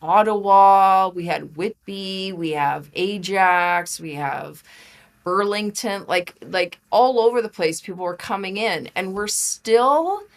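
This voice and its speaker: A woman talking as a podcast guest, chatty and animated, with lots of "like" and quick laughs. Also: mid-range voice. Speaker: podcast guest, holistic practitioner and author. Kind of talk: casual interview chat.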